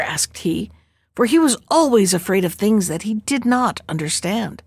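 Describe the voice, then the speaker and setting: Expressive woman reading a folk tale. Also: mid-range voice, normal speed, slightly rough, dry recording, studio quality. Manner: expressive storybook narration. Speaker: storyteller.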